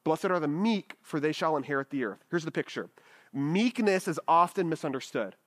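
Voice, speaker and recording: A man preaching in an easy, conversational way, his voice sitting a little higher than most men's. He keeps turning to the room with quick "right?" check-ins as he works through the passage. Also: lively intonation, a bit bright. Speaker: pastor. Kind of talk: sermon.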